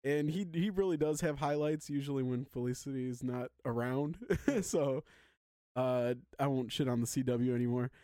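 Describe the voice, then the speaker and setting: A man's voice: medium pitch, moderate pace, mellow, no room sound, clean studio sound. A man co-hosting a casual podcast, leading the questions and laughing often. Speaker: podcast co-host. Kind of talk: casual chat.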